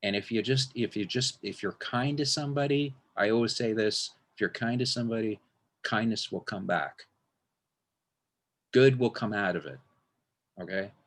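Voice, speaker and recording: Low-voiced man in rambling chat. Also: normal speed. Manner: rambling, with frequent restarts and acted-out quotes. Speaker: magician. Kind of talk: casual interview chat.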